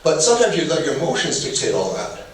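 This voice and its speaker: A man's voice: fairly high pitch, wildly swooping pitch, quick pace. A middle-aged man giving a casual, humorous marriage workshop talk, telling personal stories and acting out little dialogues. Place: large echoey hall. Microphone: distant room mic. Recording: echoey hall, far from mic, faint noise.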